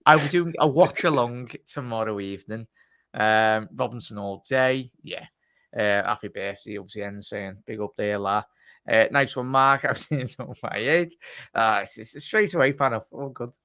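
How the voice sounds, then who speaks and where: A man's voice: mid-range voice, normal speed, a bit bright, no room sound. A man hosting a casual live stream, chatty and teasing as he reads out chat messages. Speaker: host.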